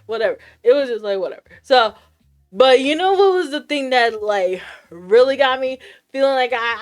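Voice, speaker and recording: A woman with a somewhat high voice tells her chat a story in a loose, animated rant. She acts out both sides of the exchange as she goes. Soft lo-fi music plays faintly behind her. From United States, of Puerto Rican Caribbean roots. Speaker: streamer.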